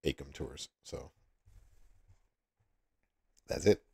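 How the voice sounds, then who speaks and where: A man's voice: a bass voice, very slow, gravelly, a little mellow, husky. A man with a Southern US accent hosting a livestream, chatting casually with viewers and laughing often. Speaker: livestream host.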